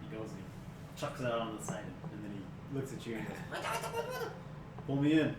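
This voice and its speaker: A man's voice: on the low side, huge pitch swings, normal speed. A man running a tabletop game as game master, narrating in a rambling way with lots of fillers. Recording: roomy, distant mic with loud background noise.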